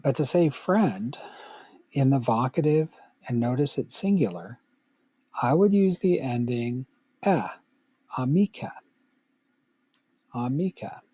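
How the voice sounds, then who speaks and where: Slow, husky-voiced male Latin teacher. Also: mid-range voice, expressive, mellow, no echo, dull audio. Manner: slow, patient, playful asides to the student. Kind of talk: recorded grammar lesson.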